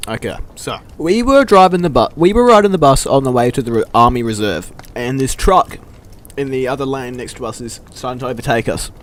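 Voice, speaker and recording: Brief: young guy, casual storyteller, laughs and curses a lot, mid-pitched voice. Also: a little fast. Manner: profane, laughing, animated quoting of friends. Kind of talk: casual anecdote telling.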